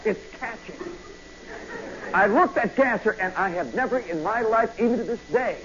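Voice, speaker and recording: A man telling a comic story in a live radio monologue, swinging from hushed asides to loud yelps. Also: high-pitched, expressive, a little fast. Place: nightclub stage. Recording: muffled vintage radio broadcast with hiss.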